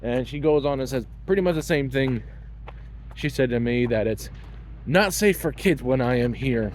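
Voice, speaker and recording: A man's voice: medium pitch, expressive, normal speed, a little hiss or hum. A man in his thirties telling a personal story in a blunt, wry, casual way. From Canada. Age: 30s.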